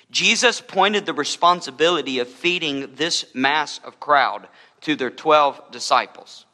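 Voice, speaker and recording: Bright-voiced male pastor preaching. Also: mid-range voice, expressive, normal speed, big-room sound. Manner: conversational preaching with humorous asides. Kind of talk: sermon.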